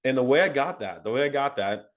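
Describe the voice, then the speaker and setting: A young man telling his story as an interview guest, animated and laughing, full of "like" and "um". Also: mid-range voice, fast. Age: young adult. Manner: animated, laughing, frequent fillers like "like" and "um".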